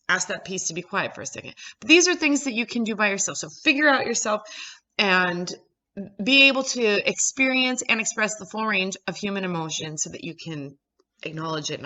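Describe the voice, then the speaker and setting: A woman psychologist in her thirties gives a casual educational talk to camera, cheerfully and chattily walking her viewers through ideas one step at a time. Her voice is fairly high and sharp, and the sound is lo-fi.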